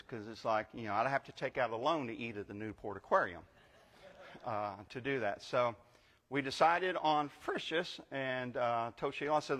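A man's voice: medium pitch, moderate pace, fairly bright tone, in a large hall. An older man giving a sermon as guest pastor, telling a story conversationally and building to emphatic preaching. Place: church sanctuary.

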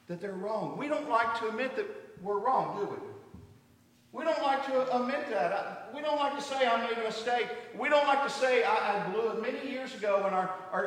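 A middle-aged man delivers an earnest sermon, tossing rhetorical questions at his congregation. His voice sits high and carries a bright, sharp edge. It comes from well off the mic, echoing around a large hall with long reverb. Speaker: pastor. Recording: echoey hall from far off.

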